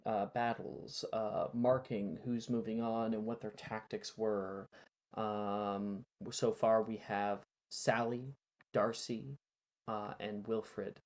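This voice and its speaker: A man narrating a tabletop game as game master, with many fillers and pauses. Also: lowish voice, a little mellow. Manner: slow, halting, lots of fillers.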